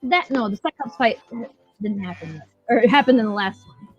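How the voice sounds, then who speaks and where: A podcast co-host with a medium-pitched, animated voice talks a little fast as she casually reviews a show, rambling, swearing and laughing while retelling scenes. The recording is dull and lo-fi with faint music.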